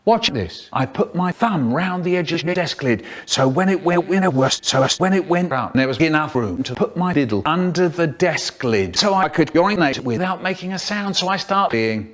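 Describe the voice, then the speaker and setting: A man telling a rambling, crude comic story about a school day, with sudden leaps in pitch and loudness. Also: expressive, moderate pace, few pauses.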